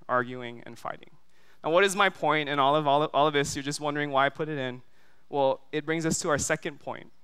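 A man from Hawaii preaching in an animated storytelling way, with a bright, forceful and smooth voice pitched a little high. He keeps turning to the congregation with quick asides. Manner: animated storyteller, many fillers, asks the crowd "right?". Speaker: pastor. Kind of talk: sermon with storytelling. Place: church service.

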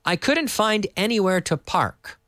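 Brief: male teacher, animated delivery, dry close sound. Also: high-pitched, no echo. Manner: lively, explains slowly with repetition and Spanish glosses. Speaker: English teacher. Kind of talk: casual online English lesson for Spanish speakers. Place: in Madrid.

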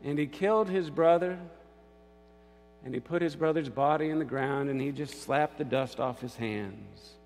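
A man's voice: mid-range voice, normal speed, darkish tone. A male pastor giving a sermon in a church, telling the story dramatically and acting out the voices. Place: church sanctuary. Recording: long church reverb, faint music.

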